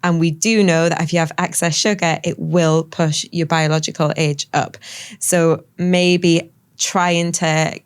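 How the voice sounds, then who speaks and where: A woman calmly explaining health test results to a podcast guest in a reassuring way. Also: low-pitched, unhurried, smooth. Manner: calm, reassuring, explains at length. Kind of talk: explanatory conversation.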